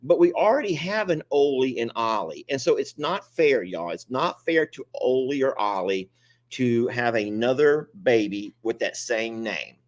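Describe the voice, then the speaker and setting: A man's voice: mid-range voice, expressive, measured pace. A man, co-hosting a casual chat and rambling in a self-mocking, chatty way. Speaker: co-host of an animal sanctuary channel.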